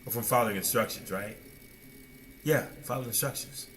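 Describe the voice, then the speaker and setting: Bright-voiced man preaching with dramatic swings. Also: moderate pace. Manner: dramatic, swings between loud bursts and low asides, repeated rhetorical questions. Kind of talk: sermon.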